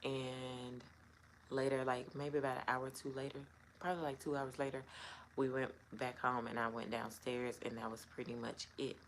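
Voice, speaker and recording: A woman's voice: extremely low pitch, level tone, normal speed, a little hiss or hum, poor audio. A middle-aged woman telling a personal story to camera in a casual, rambling way, full of "um" and "like". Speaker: vlogger.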